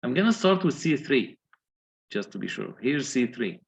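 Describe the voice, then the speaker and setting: A man's voice: mid-range voice, very animated, normal speed, gravelly, slightly rough. A man lecturing on engineering, working through calculations step by step and putting questions to his students. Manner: methodical, asks the class questions.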